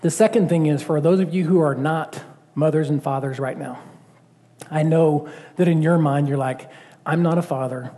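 A male pastor preaches in a loose, conversational way and keeps asking the congregation questions. His voice sits slightly high and sounds mellow. A long reverb from the church hall hangs after his phrases. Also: moderate pace. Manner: conversational, animated, full of rhetorical questions. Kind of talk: sermon.

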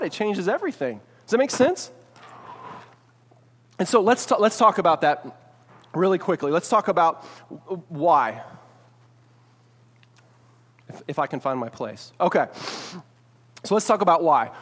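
A man's voice: high-pitched, in a large hall. A man preaching a sermon in a conversational way, often checking in with "right?" as he tells a made-up story. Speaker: pastor.

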